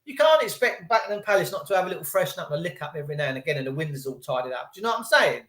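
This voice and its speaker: Sweary ranting man, high voice. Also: big pitch swings, rapid-fire, fairly bright tone. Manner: profane, sarcastic, rambling. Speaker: livestream host. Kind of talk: ranting live monologue. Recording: echoey room.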